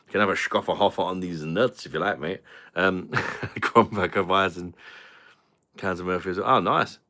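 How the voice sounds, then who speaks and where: Deep-voiced, crude streamer. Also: male voice, moderate pace, pushed and bright. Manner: crude, swearing banter with frequent laughter. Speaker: beer review streamer. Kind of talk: casual livestream chat.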